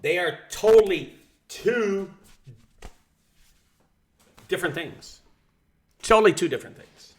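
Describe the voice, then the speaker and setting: A man's voice: high voice, expressive, takes it slowly, pauses often. A man who runs a junk removal business, teaching sales in a casual, profane, storytelling way. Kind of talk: casual teaching talk to camera.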